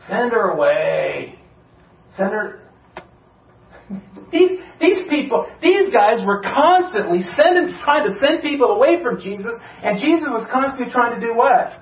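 A male pastor preaching an earnest sermon, building to urgent emphasis with rhetorical questions, recorded in a church. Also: extremely high pitch. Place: church sanctuary. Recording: roomy, distant church sermon recording, slightly dull.

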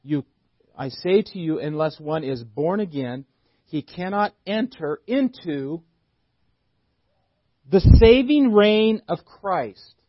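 A man's voice: high voice, no echo, muffled recording. A male pastor preaching a sermon, asking one question after another and often repeating words as he thinks.

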